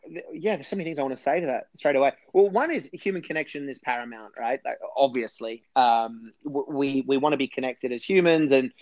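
A man's voice: medium pitch, fairly quick, hardly any pauses, darkish tone, no room sound, lo-fi sound. A man talking enthusiastically as a guest in a casual interview, rambling a little with restarts. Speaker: podcast guest.

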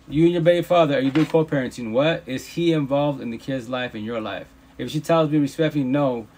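Male streamer on a phone mic, mid-pitched, preachy, swears a lot, hammers points home. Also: a little mellow. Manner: emphatic, profane, repeats himself. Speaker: livestream host. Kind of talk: casual preachy rant. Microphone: phone livestream.

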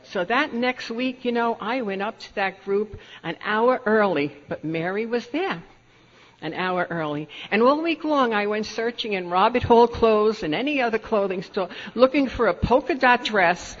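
In a meeting hall, an older Al-Anon speaker with a New York accent laughs while telling stories from her life, her mid-range voice expressive and at normal speed. Faint room noise runs under the dull, lo-fi recording.

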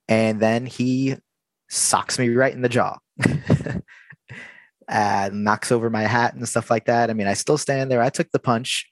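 A man casually telling a story about his job at a theme park, acting out the dialogue in an animated way. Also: mid-range voice, normal speed, dry recording.

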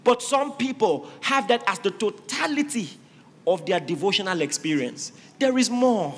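Male preacher, high animated voice; emphatic sermon delivery in a reverberant hall. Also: normal speed, slight background noise. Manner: emphatic, rising to shouted exhortations. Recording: reverberant hall with faint ambience.

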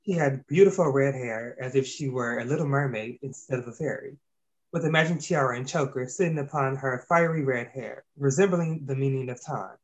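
A man's voice: mid-range voice, a little fast, dull audio. Man reading a story with slips. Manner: reads with slips and self-corrections. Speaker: narrator. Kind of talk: reading an amateur fantasy story aloud.

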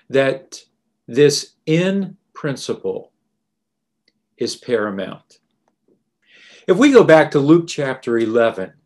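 A man's voice: mid-range voice, a little mellow. Guy giving a sermon, takes his time, leans hard on the big words. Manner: emphatic, deliberate preaching. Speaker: preacher.

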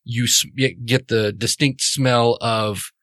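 A man's voice: mid-range voice, fairly even intonation, slow pace, fairly bright tone, no echo, studio quality. A man narrating a tabletop game as game master, in a casual way full of fillers.

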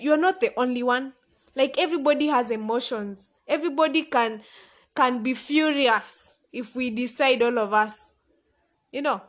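High-voiced woman telling a story. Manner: animated, laughing, conversational. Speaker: podcast host. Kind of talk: casual storytelling monologue.

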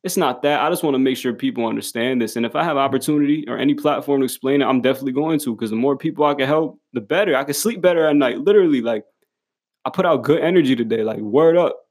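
A man's voice: mid-range voice, fast, a little mellow. A young man giving a casual motivational monologue to the camera, blunt and full of swearing and slang, often laughing as he talks. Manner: profane, blunt street slang, emphatic; laughs often while talking.

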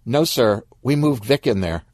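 A man's voice: medium pitch, expressive, normal speed, darkish tone, no echo, studio quality, pitched above the performer's own voice, natural voice. Man playing a prim, curt female assistant. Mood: formal. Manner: formal, politely curt.

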